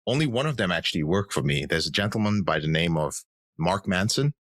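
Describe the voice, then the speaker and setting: A man's voice: low voice, lively intonation, a little fast, a bit bright, dry recording. A man in his thirties, a podcast guest, telling his personal story in an earnest, reflective way. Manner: earnest, reflective, acts out quoted voices.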